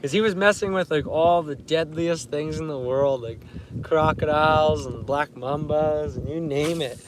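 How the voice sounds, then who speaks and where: A man's voice: a little high, moderate pace, background noise. Laid-back man chatting with livestream viewers. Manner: laid-back, laughs often, reads chat aloud. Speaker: fishing livestreamer. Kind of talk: casual live-stream chat. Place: outdoors on a lake in a canoe.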